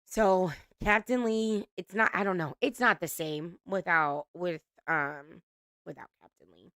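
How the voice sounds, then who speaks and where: A woman's voice: lowish voice, steady tone, a little slow, fairly bright tone, clean tone, no echo, studio quality. A woman hosting a casual reality TV recap, chatty, laughing often and swearing casually.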